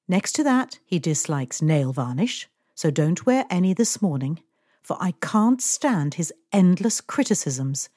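Reading aloud in a fairly low, sing-song voice, a woman voices a languid, fussy, wealthy middle-aged lady who complains and orders her employee around. Her delivery is measured and mellow, languid and complaining with a slightly imperious edge, in clean studio sound with no echo.

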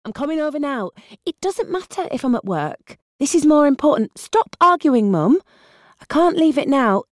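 A woman reading an audiobook, voicing a harried young woman with a British accent who juggles phone calls while driving and talks in a brisk, exasperated way. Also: high-pitched, very animated, dry recording, clean studio sound, voice pushed up. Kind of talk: audiobook character voice.

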